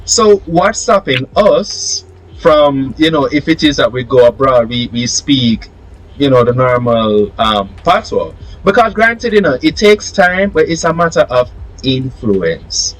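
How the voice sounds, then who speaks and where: Animated man making his case. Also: medium pitch, unhurried, slight background noise, low-quality recording. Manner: argumentative, building a case with rhetorical questions. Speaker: podcast host. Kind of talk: casual podcast discussion.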